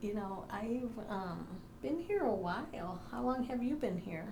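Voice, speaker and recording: A woman doing a paranormal investigation in a room of her own house, gently and patiently coaxing unseen presences to speak, with frequent ums. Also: mid-range voice, animated, unhurried, creaky, roomy sound, a little hiss or hum.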